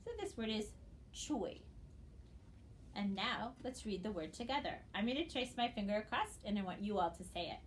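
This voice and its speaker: A woman teaches a recorded phonics lesson in a mid-range voice. She talks slowly and patiently, spelling out letters one by one. A faint hiss sits under the recording. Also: mid-range voice, animated.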